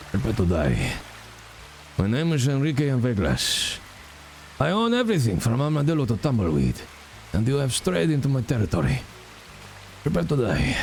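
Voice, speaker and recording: A man's voice: medium pitch, vocal fry, a little hiss or hum. A man voicing a flamboyant, boastful bandit landowner with a put-on Spanish accent, in a theatrical style. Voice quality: lively, theatrical.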